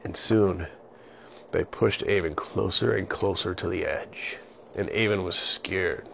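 Gravelly man telling a children's story. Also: low voice, measured pace. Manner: animated, with sound effects. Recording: dull lo-fi recording with faint hiss.

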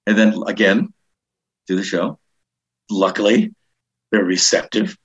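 An older comedian with a New York accent spins animated backstage anecdotes, slipping into quoted voices as he goes. His voice is husky and sits a little low. The recording sounds dull and lo-fi. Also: normal speed, pauses often. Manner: animated, acts out quoted voices, frequent restarts. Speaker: comedian and guest. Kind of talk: casual anecdotal storytelling.

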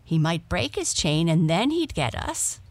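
A woman's voice: on the low side, big pitch swings, a little slow, dry recording. A woman voicing a young female black cat who is eager, chatty and adventurous in a storybook reading. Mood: frightened.

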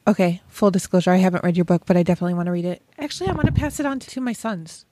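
A woman's voice: on the low side, rapid-fire, warm tone, no room sound, studio quality. A woman hosting a podcast interview, chatty and talking directly to her listeners. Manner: friendly, chatty, addresses listeners. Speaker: podcast host. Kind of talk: casual interview chat.

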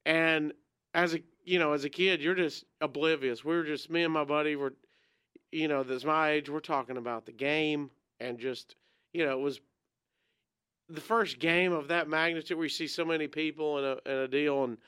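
A man's voice: a little high, normal speed, smooth, no echo, studio quality. A man telling a rambling childhood story in casual chat. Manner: rambling, animated, acts out quoted voices.

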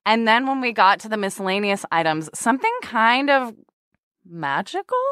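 A woman's voice: fairly high pitch, normal speed, smooth, no room sound, clean studio sound. Bubbly podcast host woman. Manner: bubbly, excitable, laughs often. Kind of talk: casual podcast chat and storytelling.

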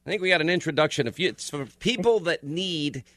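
A man's voice: on the high side, animated, fast, fairly bright tone, no room sound. A man hosting a call-in radio show, joking and folksy while giving callers advice. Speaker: radio talk show host. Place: radio studio.

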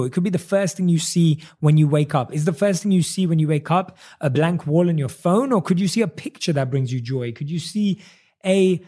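A man delivers a motivational monologue straight to his listeners, leaning on repeated phrases and stretching out the words he wants to land. His voice sits a little high for a man, with a mellow, soft-edged tone. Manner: earnest, repetitive, slows down to stress key words. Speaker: self-help speaker.

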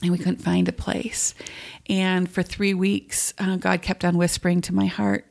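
A middle-aged woman telling her family's story as a guest, earnest and animated, acting out the dialogue as she goes. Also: fairly low pitch, a little slow, vocal fry. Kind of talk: conversational storytelling.

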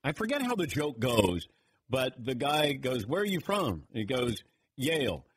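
A man's voice: mid-range voice, very animated, moderate pace, slightly rough. A man hosting a radio talk show, taking calls and joking with his crew. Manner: joking, laughs often, acts out voices in stories. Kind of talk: casual sports radio chat.

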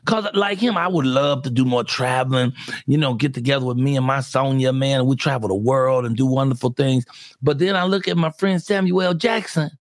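A man's voice: medium pitch, fairly quick, no room sound, clean studio sound. A man hosting a podcast in a casual, folksy, laid-back way with slangy talk. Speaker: podcast host. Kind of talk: casual interview chat.

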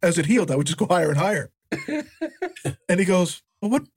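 A man co-hosting a podcast, telling a story in a lively, animated way, acting out voices and laughing as he goes. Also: sits high, fairly quick, breathy edge. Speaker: podcast co-host. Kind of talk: casual storytelling chat.

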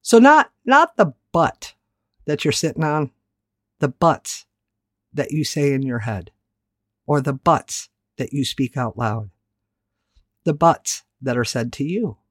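A woman's voice: rumbling low, slow, long pauses, no room sound, studio quality. A woman giving a candid, reflective solo talk as a self-help host, with casual swearing. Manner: candid, animated, casually profane.

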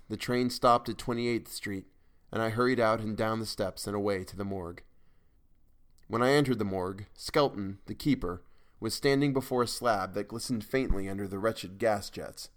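Low-voiced male storyteller. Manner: dramatic first-person storytelling. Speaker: audiobook narrator. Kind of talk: scripted narration of a weird tale.

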